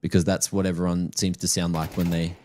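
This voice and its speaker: Speaking briskly in a low, level, darkish voice, a male esports caster calls a live match over his headset with slight background noise. He's chatty and jokey, poking fun at the players and the audience.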